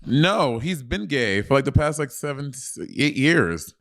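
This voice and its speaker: A man's voice: mid-range voice, sing-song, unhurried, fairly bright tone, no room sound, clean studio sound. Loose, laughing man co-host. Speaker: podcast co-host. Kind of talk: casual comedic chat.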